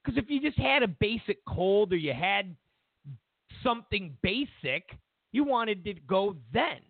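A man's voice: high-pitched, sing-song, a little slow, gravelly, dry recording. A man hosting a talk show, telling a personal story in a casual monologue with frequent restarts. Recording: tinny phone-like audio, dry.

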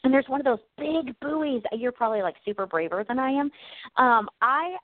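Woman, high voice, animated storyteller, laughing often, tinny phone-like sound. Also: moderate pace, no room sound. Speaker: podcast co-host. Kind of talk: faith-based comedic chat.

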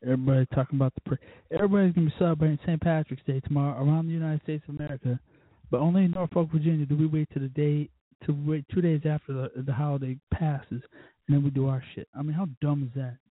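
A man with a husky, slightly high voice holds forth in a blunt, profane, exasperated rant. The sound is tinny and phone-like, bone dry with no room around it. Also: fairly even intonation, fast talker, no echo. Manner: blunt, cussing, exasperated ranting. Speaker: podcast host. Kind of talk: profane casual monologue rant.

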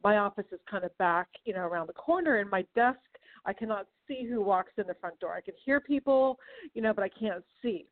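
A woman's voice: mid-range voice, expressive, brisk. A woman hosting a casual radio interview, telling a story with lots of energy, giggling and acting out the voices. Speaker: chamber of commerce host. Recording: tinny phone-like radio audio.

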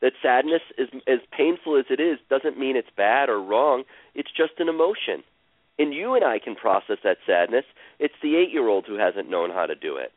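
A man guiding a caller through an emotional healing session, speaking slowly and soothingly and repeating phrases. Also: mid-range voice, sing-song, no room sound. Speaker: healer guiding a caller on a radio show. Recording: dry, tinny phone-like radio sound.

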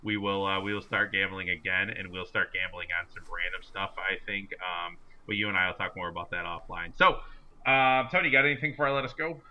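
A man's voice: deep voice, fairly quick, pushed and bright, slight background noise, low-quality recording. A man co-hosting a casual sports podcast, telling stories with plenty of ums and uhs. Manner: chatty storyteller, many fillers. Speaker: podcast co-host. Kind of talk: casual chat.

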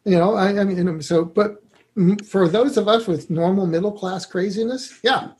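Male guest author in a casual chat, high-ish voice, rambling and filler-heavy. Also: normal speed, a little mellow. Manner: rambling, many fillers, laughs easily.

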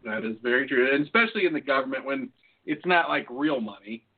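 A man's voice: mid-range voice, lively intonation, fast, slightly rough. A man co-hosting a casual podcast chat, swearing freely and acting out both sides of phone calls as he tells stories. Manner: profane storyteller, acts out phone calls. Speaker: podcast co-host. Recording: tinny phone-like sound.

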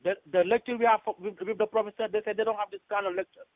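A high-voiced man speaks as a student panelist on a radio call. He builds his sentences haltingly, with non-native phrasing. His voice is dry and thin, as if heard over a telephone. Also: fairly even intonation, no echo. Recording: dry, tinny phone line.

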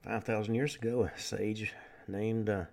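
Gravelly-voiced man hosting talk radio. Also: fairly low pitch, little pitch movement, darkish tone. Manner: lecturing, with frequent pauses and "uh" fillers. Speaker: radio show host.

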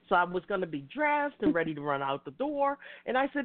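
A woman's voice: fairly low pitch, very animated, fairly quick, few pauses. A woman hosting an internet talk radio show, talking in an effusive, passionate, rambling way. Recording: tinny phone-like line.

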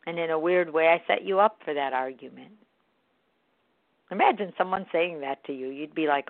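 A self-help speaker giving a reflective spoken monologue in an earnest, gently coaching manner. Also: medium pitch, normal speed, dry recording. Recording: tinny phone-like dry recording.

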